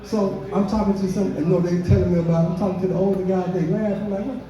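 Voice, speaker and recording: Captured from a distance in a dull, echoey room, a fast-talking man with a high-pitched voice, dark tone and flat delivery does a profane stand-up set on a brewery comedy stage. He tells a work story and acts out the quotes.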